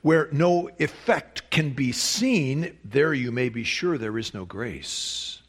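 A man's voice: medium pitch, animated, takes it slowly. A man preaching a sermon, reading a long quotation and stressing key words with emphatic rises. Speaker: pastor.

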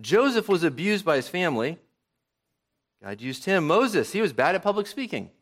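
Guy preaching in church, kinda high voice, really lively up and down, lots of questions at the crowd. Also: moderate pace. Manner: animated preaching with rhetorical questions. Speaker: pastor. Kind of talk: sermon.

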